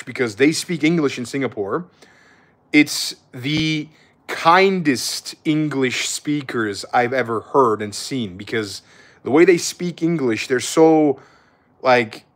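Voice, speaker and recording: Young guy streaming, chill chat, swears a lot, says bro constantly. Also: medium pitch. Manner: laid-back, swears freely, says bro. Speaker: live streamer. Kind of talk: casual live-stream chat.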